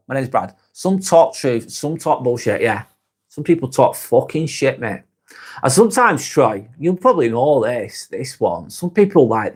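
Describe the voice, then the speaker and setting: Plain-spoken Lancashire man, swearing freely. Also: mid-range voice. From England. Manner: frank, swears freely, muses aloud. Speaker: live-stream host. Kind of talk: casual live-stream chat reading comments.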